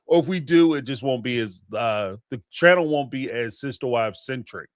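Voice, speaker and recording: A man's voice: medium pitch, lively intonation, moderate pace, dry recording, studio quality. A man hosting a call-in show, giving blunt, emphatic opinions in casual chat.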